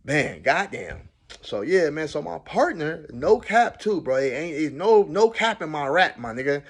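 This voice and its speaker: A man telling a jail story in a casual, animated and slangy way. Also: unhurried, breathy edge. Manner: animated, slangy, loud swings of pitch. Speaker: storyteller recounting jail time.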